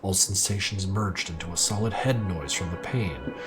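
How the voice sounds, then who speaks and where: A man's voice: low voice, normal speed, music in the background. A man streaming live, reading a first-person story aloud dramatically, now and then stumbling and correcting himself. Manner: reads aloud with occasional slips and self-corrections.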